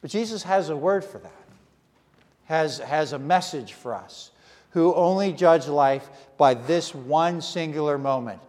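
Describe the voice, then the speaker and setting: A man preaching a sermon in earnest, short repeated phrases with pauses. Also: a little high, darkish tone, long reverb tail. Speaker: pastor.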